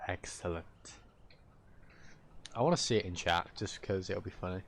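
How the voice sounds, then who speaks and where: A man's voice: deep voice, normal speed, slight background noise. A man streaming an online role-play game, chatting casually in a rambling way and laughing often.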